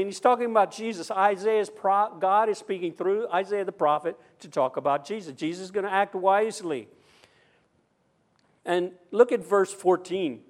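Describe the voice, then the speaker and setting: A man preaching a sermon, reading scripture deliberately and then giving an emphatic running commentary. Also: high voice. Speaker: pastor.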